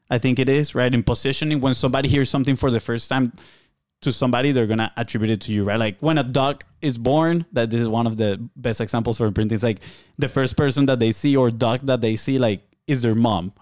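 A man's voice: medium pitch, a little mellow, dry recording, clean studio sound. A man co-hosting a podcast in loose, joking chat, full of fillers and tag questions like "right?". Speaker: podcast co-host.

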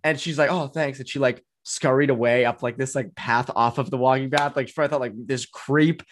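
Animated Boston-accented podcast host man. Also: normal speed, a little hiss or hum. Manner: animated, voice jumps up in pitch when excited; chatty, with frequent ums and restarts. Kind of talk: casual sports podcast chat.

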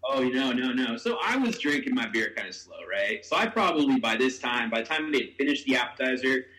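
A man's voice: mid-range voice, brisk, roomy sound, poor audio. A man telling a long funny story in casual chat, acting out what people said and laughing as he talks. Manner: animated storyteller, acts out quotes, laughs while talking.

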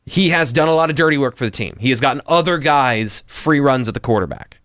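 A man's voice: medium pitch, fast talker, fairly bright tone, dry recording. Man, football analyst, casual sports talk, analytical, restarts often, dry close sound. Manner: analytical, frequent restarts and fillers.

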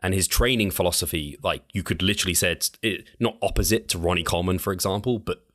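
A man hosting a podcast, chatting in a relaxed, conversational way. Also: low-pitched, quick pace. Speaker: podcast host. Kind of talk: casual podcast chat.

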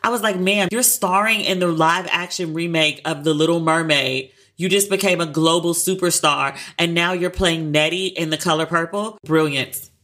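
A woman co-hosting a casual pop-culture chat show, animated and chatty, often acting out her own reactions in high tones. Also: normal speed, hardly any pauses. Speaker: podcast co-host.

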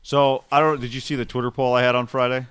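A man co-hosting a podcast, telling anecdotes in a relaxed, chatty way. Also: medium pitch, fast talker, smooth. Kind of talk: casual chat.

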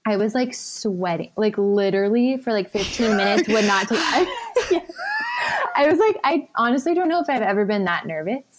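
Woman, 30s, podcast guest, chatty, filler-heavy personal storytelling, mid pitch. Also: lively intonation, moderate pace, background noise. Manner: chatty, many "like" fillers, laughs often.

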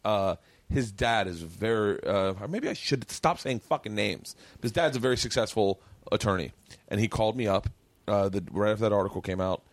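A man's voice: lowish voice, fairly quick, no room sound. A middle-aged man hosting a podcast, telling stories in casual chat and acting out the people in them. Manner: animated, acts out quoted people in his stories. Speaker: podcast host.

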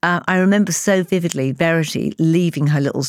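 A woman in her sixties speaks in a low voice, recorded close and dry. She tells candid anecdotes with animation, acting out the other voices in them. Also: a little fast, dry recording. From England. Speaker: guest. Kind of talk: candid conversational storytelling.

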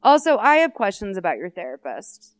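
A woman's voice: medium pitch, sing-song, brisk. A young woman co-hosting a podcast in casual chat, retelling a film scene and slipping into the characters' voices. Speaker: podcast co-host.

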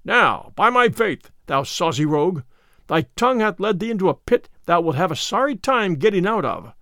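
A man's voice: sits high, sing-song, normal speed, creaky, bright, forceful tone, no room sound, clean studio sound, exaggerated voice. A man voicing a big, bold outlaw yeoman who boasts and threatens in old-fashioned speech. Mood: angry.

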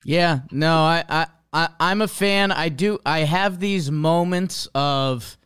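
A man's voice: a little high, slow pace, a bit bright, clean tone, dry recording, clean studio sound. A man hosting a casual chat, joking and self-deprecating, often restarting his sentences. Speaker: podcast host.

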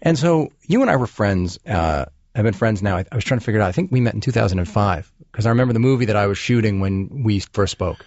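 A man's voice: on the low side, expressive, fast talker, few pauses, a little mellow, no room sound, highs cut off. A man hosting a podcast interview, talking earnestly with many fillers and restarts. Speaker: podcast host. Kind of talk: casual interview chat.

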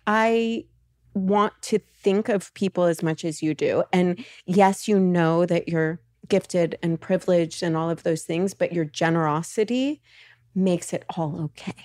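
A woman's voice: medium pitch, no echo, clean studio sound. Effusive woman podcast host. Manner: warm, effusive, quick to laugh. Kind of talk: casual chat.

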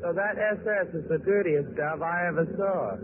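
Actress doing a dry sardonic gal, tinny hissy old radio. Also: female voice, lowish voice, normal speed, lightly acted. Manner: wry, sardonic. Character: sharp-tongued woman, Slate's companion. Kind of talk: 1950s radio drama acting.

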